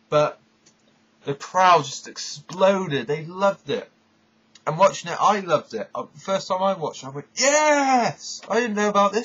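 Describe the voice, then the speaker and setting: A husky-voiced man rambles eagerly through a casual countdown, often cutting himself off mid-thought. His voice sits in a middling pitch. The recording sounds dull and lo-fi, like a cheap home setup. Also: fairly bright tone. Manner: rambling, enthusiastic, self-interrupting. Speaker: vlogger.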